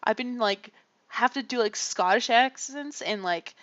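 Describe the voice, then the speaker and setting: A woman's voice: a little high, unhurried, a bit bright, dry recording. Chatty woman streamer, muffled dry mic. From Canada. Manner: chatty, rambling, self-deprecating, frequent laughs. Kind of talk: casual livestream chat. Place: home room.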